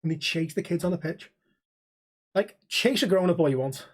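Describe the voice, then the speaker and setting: A young man with a fairly high, slightly rough voice speaks at normal speed as a podcast co-host. In casual chat he tells stories, swears freely, and acts out the people in them.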